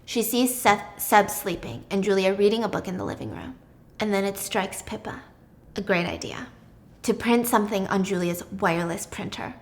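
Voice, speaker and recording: A woman's voice: mid-range voice, lively intonation, moderate pace. A young woman casually retelling a dramatic story with chatty asides to the listener. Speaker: storytelling YouTuber.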